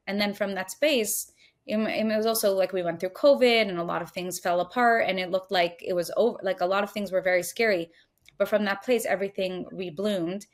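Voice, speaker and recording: A woman's voice: mid-range voice, steady tone, normal speed. Earnest woman teaching in heartfelt chat. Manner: earnest, repetitive, emphatic, acts out inner voices. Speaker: podcast guest, Jewish teacher.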